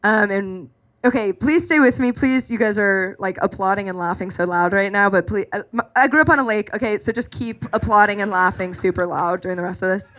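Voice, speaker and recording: A woman in her twenties performing live stand-up, telling a story in an animated, self-mocking way and putting on voices for the people in it. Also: medium pitch, brisk. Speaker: stand-up comedian. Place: live comedy club stage.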